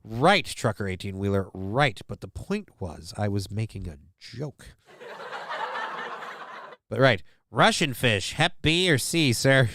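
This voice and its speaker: A man's voice: lowish voice, very animated, takes it slowly, noisy background. A man hosting a livestream, reading news stories aloud to his chat and cutting in with sarcastic, profane jokes. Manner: sarcastic, profane, joking asides. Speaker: livestream host.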